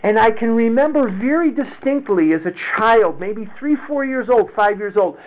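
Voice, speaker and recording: A man sharing a candid personal story of recovery, slow and reflective, often repeating his words. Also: very high voice, lively intonation. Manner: candid and confessional. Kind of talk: personal testimony to a group. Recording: tinny phone-like recording.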